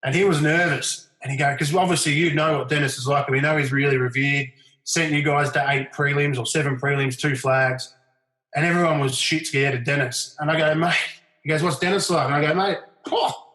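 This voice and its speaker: Speaking briskly with a fairly high pitch, this middle-aged Australian podcast guest spins casual anecdotes. When quoting others, he raises his voice and livens it up, all captured with a roomy echo.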